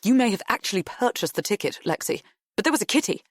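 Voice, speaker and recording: A woman's voice: medium pitch, lively intonation, quick pace, slightly rough, dry recording, clean studio sound, voice pushed up. A woman voicing a flustered middle-aged man insisting he is owed money. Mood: insistent. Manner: insistent, ponderous.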